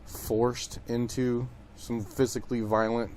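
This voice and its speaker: A man's voice: medium pitch, flat delivery, slow pace, a little mellow, slight background noise. A young man from Detroit hosting a podcast, telling stories in a rambling, profane monologue full of fillers. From Detroit, USA. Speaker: podcast host. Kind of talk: casual monologue.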